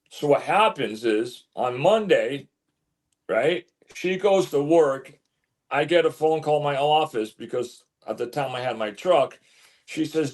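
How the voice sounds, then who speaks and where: A man telling a story as an interview guest, animated, stumbling and repeating words as he goes. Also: medium pitch, normal speed. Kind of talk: casual storytelling.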